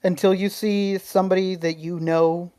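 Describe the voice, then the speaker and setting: A woman co-hosting a podcast in casual chat, telling stories in a profane, rambling, animated way. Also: fairly low pitch, normal speed, clear, resonant tone, dry recording. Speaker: podcast co-host.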